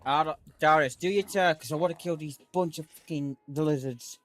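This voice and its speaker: A man's voice: fairly high pitch, moderate pace, no echo. A man on voice chat with a fellow player, blunt, profane and teasing. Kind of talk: casual voice chat.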